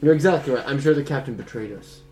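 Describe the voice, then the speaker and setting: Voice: medium pitch, fast talker, a crowd in the background, rough recording. A laid-back player joking along during a tabletop role-playing game. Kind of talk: tabletop role-play banter.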